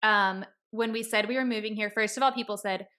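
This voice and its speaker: A woman's voice: mid-range voice, fairly even intonation, brisk, sharp tone. Chatty woman telling a story. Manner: chatty storytelling, acts out quoted dialogue. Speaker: podcast host. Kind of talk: casual podcast chat.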